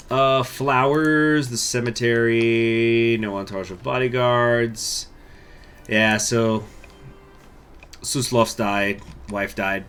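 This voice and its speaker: A man commentating a strategy game playthrough, chatty and excitable, reading the game's text aloud. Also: mid-range voice, extremely slow, long pauses, clear, resonant tone. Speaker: gaming channel host. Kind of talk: let's play commentary.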